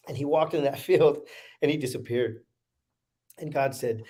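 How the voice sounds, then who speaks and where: Male guest, slightly higher voice, earnest storyteller who repeats himself. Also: a little fast, darkish tone. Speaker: podcast guest. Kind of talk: emotional storytelling.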